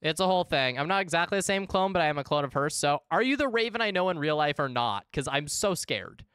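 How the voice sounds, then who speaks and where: A man's voice: on the high side, animated, fast, fairly bright tone, clean tone, no echo, studio quality. A man live-streaming a game, chatting casually with his chat in a rambling, profane way.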